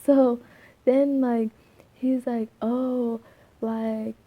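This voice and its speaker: A soft-spoken young woman with a slightly scratchy voice, rambling through a casual vlog with many fillers and restarts. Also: a little high, level tone, extremely slow, narrow, tinny audio. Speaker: vlogger.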